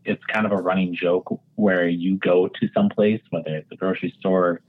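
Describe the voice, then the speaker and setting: Wisconsin man, husky, low, patient explainer, remote call sound. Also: fairly even intonation, moderate pace. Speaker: guest realtor. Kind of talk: casual podcast chat. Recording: tinny phone-like line.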